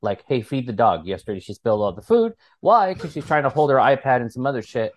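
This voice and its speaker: A man's voice: mid-range voice, very animated, quick pace. A man co-hosting a podcast in casual chat, telling stories animatedly, acting out quotes and swearing freely. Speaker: podcast co-host.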